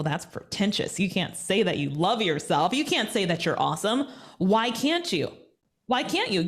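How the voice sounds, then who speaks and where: A woman guest in an interview, talking in an energetic, emphatic, motivational way. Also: medium pitch. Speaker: guest, media personality. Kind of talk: conversational interview.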